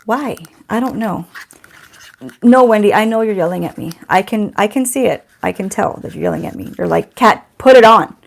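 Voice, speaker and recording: Chatty woman with a gravelly edge. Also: medium pitch, normal speed, darkish tone. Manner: chatty, self-teasing, talks to someone off camera. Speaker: beauty vlogger. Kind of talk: casual unboxing chat.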